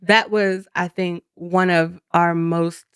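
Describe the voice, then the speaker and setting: A woman's voice: fairly low pitch, flat delivery, slow pace, a bit bright, clean tone, no echo, clean studio sound. A woman in her thirties co-hosting a podcast, talking candidly and expressively with frequent laughter and casual slang. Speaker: podcast co-host.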